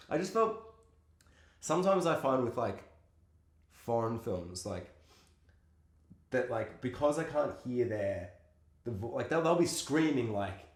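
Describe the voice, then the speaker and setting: A man co-hosting a podcast who talks about films in a rambling, excitable way, full of fillers. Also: mid-range voice, unhurried, long pauses. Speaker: podcast co-host. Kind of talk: casual film discussion. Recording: roomy echo.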